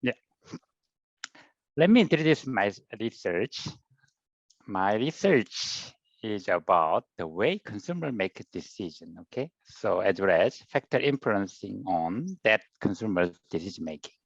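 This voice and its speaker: A lower-voiced man with a Gyeongsang Korean accent gives a relaxed university seminar over a video call, his pitch swinging widely as he jokes with the audience. He keeps checking in with a quick "okay?" after his points. The audio is dull and lo-fi, with a dry, close sound. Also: dry recording. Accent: Gyeongsang Korean-accented English. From South Korea. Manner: jokey, tags sentences with "okay?". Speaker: university marketing researcher giving a seminar. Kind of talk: informal online seminar lecture.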